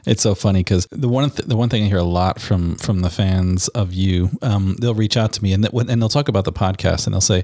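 An American man on a podcast, chatting loosely with a lowish voice. He laughs a lot and stalls on fillers before he gets to his point. His voice sits dry and close to the mic. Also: a little fast, hardly any pauses, warm tone, no room sound. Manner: laughs often, hesitant with many fillers. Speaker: podcast co-host. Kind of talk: casual chat.

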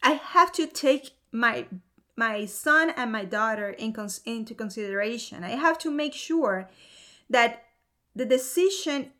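High, bright-voiced woman sharing her testimony. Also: animated, unhurried. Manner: earnest and emotional, with laughs. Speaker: mother of two. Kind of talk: personal faith testimony.

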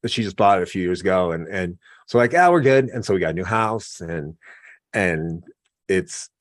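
A man telling stories in a relaxed conversational way, with frequent fillers. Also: low-pitched, normal speed, no room sound, clean studio sound. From American West. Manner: relaxed storytelling, many fillers. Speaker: guest. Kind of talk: casual conversation.

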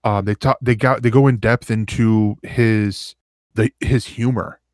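A man with a lowish voice tells a rambling story in casual podcast chat. The sound is close and dry, with no room echo. He acts out the quotes as he goes. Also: steady tone, measured pace, darkish tone. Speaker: podcast co-host.

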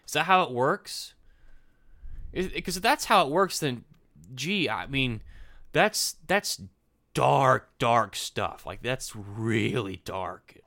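Podcast co-host, male, bright forceful tone, casual ranting delivery. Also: mid-range voice, slow pace, gravelly, pauses often. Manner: animated, repeats and restarts words. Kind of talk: casual opinion chat.

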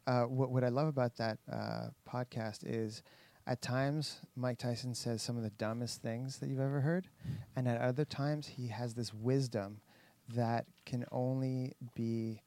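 A man's voice: medium pitch, steady tone, a little slow, few pauses, a little mellow, dry recording. A man chatting casually on a podcast, telling a rambling story with lots of fillers and restarts. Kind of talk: casual chat.

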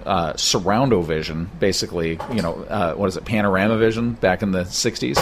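A man's voice: low voice, brisk, a little hiss or hum. A man co-hosting a casual chat in a hostel room, telling a long rambling story with many fillers. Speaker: podcast co-host.

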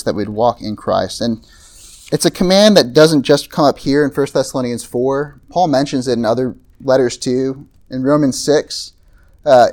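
A male pastor delivers an evening sermon, talking through the passage in a relaxed, chatty manner. His pitch sits in an ordinary middle range, and he keeps stopping to check in with the audience. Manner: conversational, frequent "right?" and "like" asides. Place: evening talk to a campus group.

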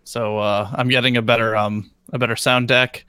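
A man's voice: mid-range voice, little pitch movement, normal speed, bright, forceful tone, clear, resonant tone, no echo, clean studio sound. A man co-hosting a gaming stream in easygoing casual chat. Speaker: co-host.

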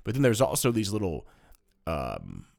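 This man co-hosts a casual board game podcast, cracking jokes and giving long, rambling rule explanations in an animated way. He speaks at a normal pace in a low voice with vocal fry, recorded on a studio mic during relaxed conversation.

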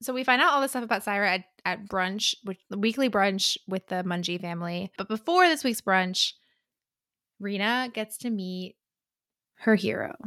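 A woman in casual conversation recapping a novel, chatty and quick to laugh, acting out characters' lines as she goes. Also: mid-range voice, lively intonation, fairly bright tone, no echo, studio quality. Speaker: podcast co-host. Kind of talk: casual book discussion.

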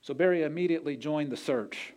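Man, pastor, sermon storytelling, earnest, fairly high voice. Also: fairly quick, darkish tone.

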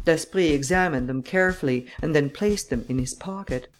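A woman narrating an audiobook in a steady, measured way. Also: deep voice, soft background music.

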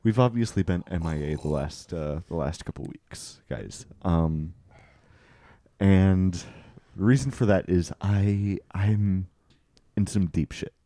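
A male podcast host in a casual comedic chat, excitable and laughing often, quick to push back on the others. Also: sits low, no echo.

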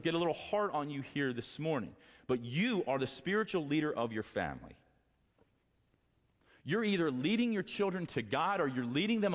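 A male pastor preaching a sermon to fathers, impassioned, moving from quiet talk to raised exhortation. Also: medium pitch, in a large hall. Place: church sanctuary.

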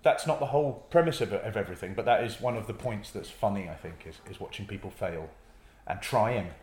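This North East English improv performer talks casually in an interview, slipping into little acted-out scenes as he explains. His voice is on the low side, a little mellow and expressive, and he speaks a little fast. The echoey recording carries a little hiss or hum.

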